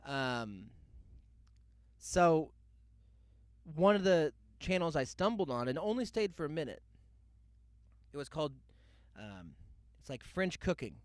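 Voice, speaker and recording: A man's voice: on the high side, very animated, unhurried, pauses often, dry recording, clean studio sound. A young man hosting a podcast, telling a loose comic story full of asides and mock quotes. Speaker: podcast host. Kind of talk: rambling comedic monologue.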